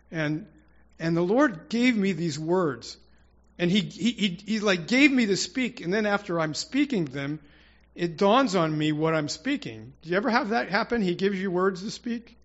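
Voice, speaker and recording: A man's voice: high voice, lively intonation, moderate pace, highs cut off. A man preaching an informal, rambling sermon to his congregation, with prayerful asides and restarts. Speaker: church speaker.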